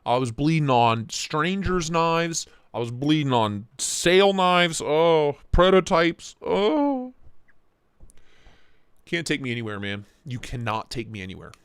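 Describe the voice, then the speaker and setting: A young man hosting a casual knife livestream from his home office, excitable and joking as he reacts to chat. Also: fairly high pitch, normal speed, few pauses, clear, resonant tone, no echo. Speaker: livestream host reviewing knives. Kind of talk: casual live-stream chat.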